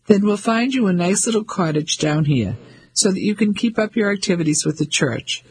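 A man with a raspy voice playing a pompous, patronizing English husband in his fifties who blusters hastily. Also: sits high, expressive, moderate pace, a little hiss or hum, pitched above the performer's own voice, poor audio. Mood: smooth. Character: pompous 55-year-old English banker husband.

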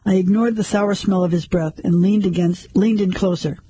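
Husky high-voiced male storyteller. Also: fairly even intonation, normal speed, warm tone, low-quality recording. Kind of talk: scripted first-person story narration.

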